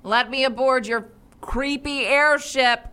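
A woman's voice: sits high, steady tone, slow, pushed and bright, clean tone, voice pushed up, exaggerated voice. A woman voicing a proud, formal male knight who insists on his duty. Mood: indignant.

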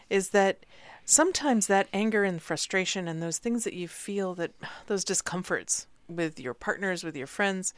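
A middle-aged woman co-hosting a relaxed talk, thoughtful and searching for her words. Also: medium pitch, clean tone, no room sound. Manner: thoughtful, searching, many fillers. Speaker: podcast co-host. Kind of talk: casual conversation.

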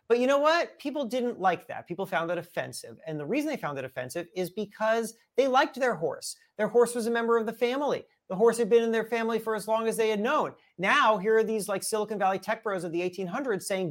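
A man's voice: sits high, expressive, fast talker, hardly any pauses. A man, a guest author, telling a story in a casual chat with lots of energy, repeating and restarting words.

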